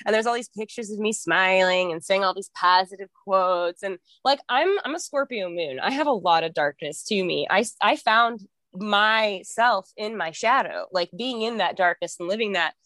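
A woman's voice: medium pitch, normal speed, fairly bright tone, no room sound. A young woman chatting casually as a podcast guest, talkative and laughing often, with frequent swearing.

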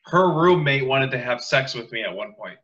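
A man co-hosting a casual podcast with deadpan, crude quips. His voice is bright and sharp. It comes through a dull, lo-fi mic. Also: mid-range voice, normal speed. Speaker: podcast co-host.

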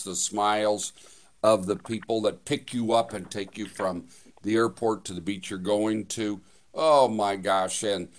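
With a lowish, slightly bright voice, this US radio host talks with enthusiasm in a chatty, casual way, full of fillers and restarts.

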